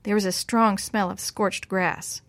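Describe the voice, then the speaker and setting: A woman's voice: medium pitch, measured pace, no echo. Woman reading a children's story. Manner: lively voices for the boys' lines. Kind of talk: scripted storybook narration.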